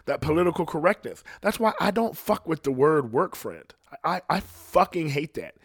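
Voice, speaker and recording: A man's voice: a little high, sing-song, moderate pace, dry recording, studio quality. A man with a slight lisp, hosting his own podcast in a casual, rambling solo monologue full of swearing. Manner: profane, rambling rant. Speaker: podcast host.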